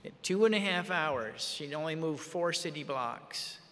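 Man, middle-aged, preacher, emotional storytelling, slightly high voice, echoing hall. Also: expressive, measured pace. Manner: emotional, swings from quiet to loud. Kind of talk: sermon storytelling. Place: large meeting hall. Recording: long hall reverb.

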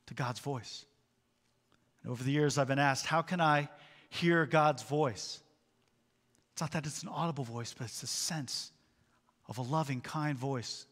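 A man preaching in a church sanctuary, his fairly high voice ringing out in a long hall reverb. He talks to the congregation conversationally and keeps asking rhetorical questions. He often sinks into a quiet, soft hush. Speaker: pastor. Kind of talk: sermon.

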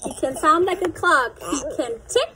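A woman's voice: very high-pitched, lively intonation, moderate pace, pushed and bright. A young woman reading a picture book aloud to her child, playful and sing-song, acting out the sound effects.

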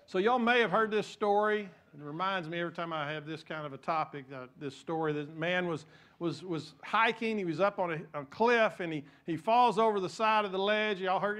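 A male pastor, preaching a sermon in a church, telling stories with many restarts and dropping to a soft voice to pray. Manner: storytelling with repeated restarts; drops to soft, low voice in prayer.

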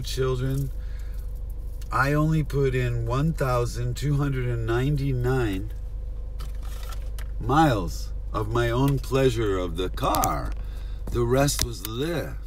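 Man rambling in a lively, jumpy podcast. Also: medium pitch, slight background noise. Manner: scattered, jumpy, talks to absent listeners. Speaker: podcast host. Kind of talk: rambling solo podcast monologue. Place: inside a car.

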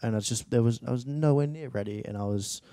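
A mid-range, dark voice comes quickly from a young Australian actor in his late teens, guesting in a casual studio interview with no echo. He rambles, starting over often and filling gaps with fillers.

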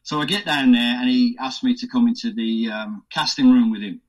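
Lively man telling stories. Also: mid-range voice, brisk, lo-fi sound. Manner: lively, laughs often, does voices in anecdotes. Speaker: actor, podcast guest. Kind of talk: casual storytelling interview.

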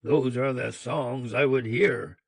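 A man playing a cruel, greedy old man who speaks harshly and gives orders, loud and slow. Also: medium pitch, steady tone, vocal fry, husky, no room sound, exaggerated voice. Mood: harsh demanding. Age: older. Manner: harsh, commanding.

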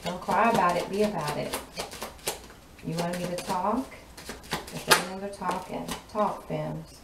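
A woman's voice: on the low side, unhurried, creaky, far from the mic. Sassy woman in an echoey room. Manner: sassy, drawling, laughs often. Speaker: tarot reader. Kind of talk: channeling spoken tarot reading. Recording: echoey room, voice off-mic, noisy.

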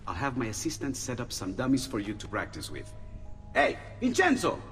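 An actor playing a cheerful, excitable male Renaissance inventor who exclaims with delight. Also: mid-range voice, fairly quick, distant mic. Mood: musing. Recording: long hall reverb. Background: faint game music.

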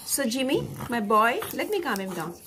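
High, lively woman. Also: normal speed, background noise. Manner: fond, chatty, coos to the dog. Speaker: dog owner and mother. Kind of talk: casual home video chat. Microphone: phone camera held by her daughter.

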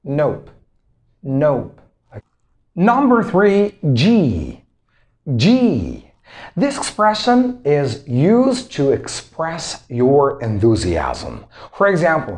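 A man teaching English in an online lesson. He talks in a motivational way and repeats words slowly so learners can drill them. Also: mid-range voice, wildly swooping pitch, darkish tone. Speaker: English teacher and self-improvement coach.

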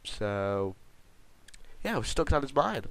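A man's voice: mid-range voice, very animated, slow pace, a bit bright. A man hosting a gaming video, rambling and joking to his viewers as he plays. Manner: rambling, jokey, chatting to viewers. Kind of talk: gameplay commentary.

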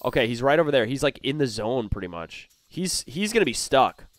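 A young man giving excited gameplay commentary as a gaming YouTuber, swinging between hushed muttering and loud outbursts. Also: mid-range voice, brisk.

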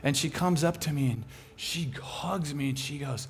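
A man preaching a sermon as an animated, humorous storyteller. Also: a little high, normal speed, creaky.

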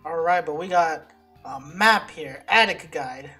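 A woman giving casual gameplay commentary, excitable and swearing as she reacts to setbacks. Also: deep voice, a little slow, slightly rough. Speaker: let's play gamer. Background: game music.

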